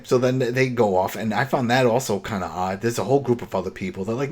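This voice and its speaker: A man's voice: mid-range voice, fast, few pauses, breathy edge. A man casually recapping a TV episode on a podcast, acting out the characters' lines as he retells the scenes. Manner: animated retelling, acting out dialogue.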